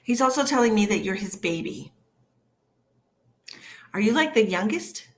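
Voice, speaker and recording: A woman talks her way through a casual live-stream reading as a psychic medium. Her delivery is chatty and soft-spoken, passing on messages in an easygoing, conversational way. She is speaking from her own home. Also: medium pitch, animated, moderate pace.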